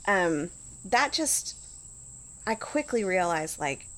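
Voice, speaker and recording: A woman's voice: mid-range voice, very animated, slow, fairly bright tone. A middle-aged woman talking casually as an interview guest, full of "like" and restarts. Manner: chatty, lots of "like" and restarts.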